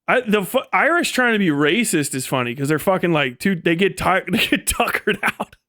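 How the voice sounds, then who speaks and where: A male live streamer talks casually, swearing freely and wandering from point to point. His voice sits high for a man, and the sound is dry and close with no room echo. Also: expressive, normal speed, bright, forceful tone. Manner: profane, rambling, laughs often.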